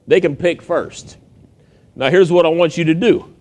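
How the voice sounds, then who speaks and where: Preaching at a moderate pace, a pastor with a fairly high-pitched male voice retells a Bible story. His delivery is lively and conversational, and he acts out the voices of the characters.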